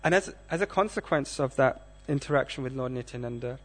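A man giving a scripture class, speaking in a measured way and asking the audience questions. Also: mid-range voice, expressive.

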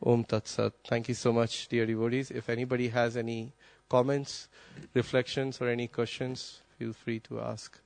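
A man giving a devotional class at a temple, talking quickly with restarts and soft asides, then taking questions. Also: medium pitch, level tone, creaky, no room sound. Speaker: class speaker at a temple gathering.

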